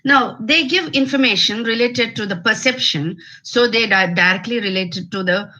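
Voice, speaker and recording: A woman with an Indian English accent giving an academic lecture on phonetics over a video call, deliberate and full of fillers and restarts. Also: on the high side, sharp tone, poor audio.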